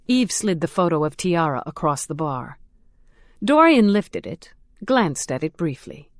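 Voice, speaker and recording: A woman giving a measured, steady audiobook narration of a crime thriller. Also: low-pitched, no room sound, studio quality. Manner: measured, steady, dramatic storytelling.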